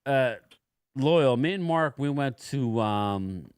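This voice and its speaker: A man's voice: mid-range voice, expressive, slow, a little mellow, clean tone, no echo. A man hosting a casual livestream chat, rambling and laid-back as he tells stories. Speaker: livestream host.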